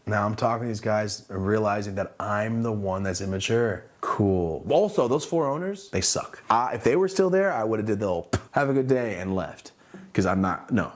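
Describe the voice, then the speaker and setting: A man telling a casual story-time monologue, animated and swearing freely, acting out the quoted dialogue. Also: lowish voice, normal speed.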